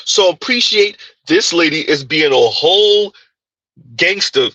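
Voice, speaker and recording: A man hosting his own commentary channel, talking in an animated, emphatic way and repeating his points as he reacts to a clip. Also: a little high, measured pace, no room sound, poor audio.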